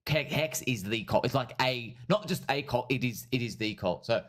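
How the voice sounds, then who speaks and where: A man hosting a livestream, giving rambling casual commentary in an excitable, repetitive way and calling his viewers friends and bro. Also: medium pitch, normal speed. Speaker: livestream host. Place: at home streaming.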